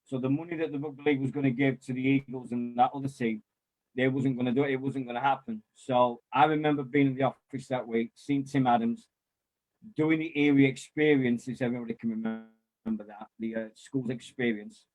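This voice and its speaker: A man, chatting casually and telling lively anecdotes with mild swearing and quoted voices. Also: mid-range voice, a little fast. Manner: animated storyteller, mild swearing, acts out quotes. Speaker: former club volunteer and kit man.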